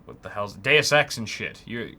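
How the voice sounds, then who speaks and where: A young man co-hosting a live tech show, joking around, swearing freely and breaking into loud bursts. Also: lowish voice, expressive, normal speed. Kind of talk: casual live-stream chat.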